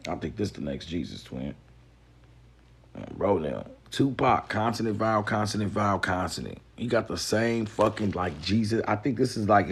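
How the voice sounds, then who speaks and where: A man from the Mississippi Delta, giving a profane, animated live-stream lecture to his viewers. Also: fairly low pitch, poor audio. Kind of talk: casual live-stream monologue.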